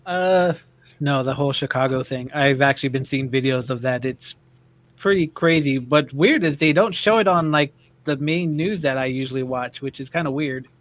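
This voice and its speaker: A man's voice: mid-range voice, moderate pace, dry recording. A man co-hosting a radio show, chatting in an easygoing way with frequent fillers. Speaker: radio co-host. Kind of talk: casual talk radio chat.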